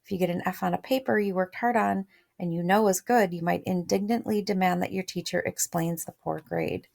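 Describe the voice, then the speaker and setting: A woman's voice: fairly low pitch, fairly even intonation, fairly quick, vocal fry, darkish tone. A woman teacher reading a storybook aloud, chatty, stopping to explain words and share thoughts. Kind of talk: read-aloud lesson with commentary.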